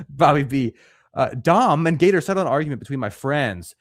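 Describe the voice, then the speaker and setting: A man's voice: on the high side, expressive, normal speed, no room sound, studio quality. A young man co-hosting a casual livestream, reading viewer messages aloud and answering with crude jokes. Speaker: livestream co-host reading superchats.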